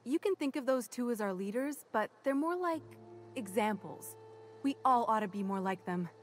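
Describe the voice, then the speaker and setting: A woman's voice: fairly high pitch, animated, normal speed, slight background noise, natural voice. An actress playing a cheerful, folksy woman who recruits for a commune in a video game, chatty and eager to please. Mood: friendly.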